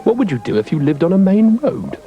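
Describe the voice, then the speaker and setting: A man's voice: high-pitched, sing-song, a little fast, highs cut off, soft background music. A man voicing a grumpy, sarcastic male dog with a dry, grumbling manner.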